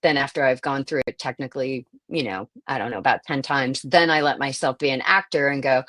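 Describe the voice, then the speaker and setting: A woman's voice: rumbling low, fairly quick, hardly any pauses, a bit bright, dry recording. A woman voiceover performer and actor talking through her craft in an interview, thoughtful and full of fillers and restarts. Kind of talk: interview conversation.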